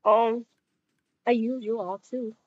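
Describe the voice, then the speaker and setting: A woman playing a game with a friend, giggling and excitedly talking to the characters on screen. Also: a little high, slow pace, slight background noise. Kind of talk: casual gameplay chatter. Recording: muffled lo-fi dry recording.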